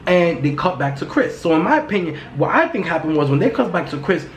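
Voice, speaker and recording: A loud, blunt woman talks straight into her podcast mic, gossiping and swearing freely in casual chat. Her voice rings around a bare, echoey room, and a faint hum of background noise sits beneath it. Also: on the low side, big pitch swings, fast. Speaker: podcast host.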